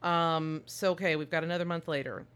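A woman co-hosting a podcast, recapping a movie in casual chat with an animated, joking, irreverent manner. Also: sits low, fairly quick, clear, resonant tone. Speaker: podcast co-host.

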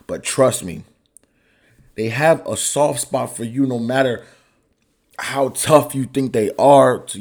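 A man's voice: mid-range voice, a little mellow. A young man hosting his own podcast, talking in a casual, profane, heated way, his voice climbing when he gets angry. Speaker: podcast host. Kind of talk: casual solo podcast rant.

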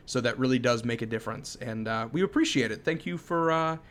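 A man's voice: mid-range voice, brisk, a bit bright. A man in his thirties co-hosting a podcast, chatting in an upbeat, easily amused way. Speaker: podcast co-host. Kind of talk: casual chat.

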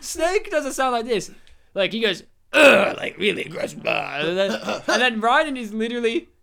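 A man's voice: very high voice, very animated, brisk, creaky, sharp tone, smooth. A man co-hosting a casual chat show, ranting emphatically and swearing freely. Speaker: podcast co-host.

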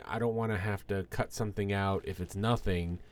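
A man's voice: fairly low pitch, steady tone, brisk. A man co-hosting a podcast, telling rambling stories and acting out what others said. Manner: rambling storyteller, acts out quoted dialogue. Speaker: podcast co-host. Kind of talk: casual storytelling.

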